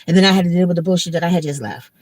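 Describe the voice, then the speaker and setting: A woman's voice: on the low side, very fast, darkish tone, dry recording, poor audio. A woman hosting a casual livestream from her car, venting emotionally and bluntly with lots of filler words and swearing. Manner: emotional, rambling, heavy filler "like"; blunt and profane. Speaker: livestream host. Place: in a moving car.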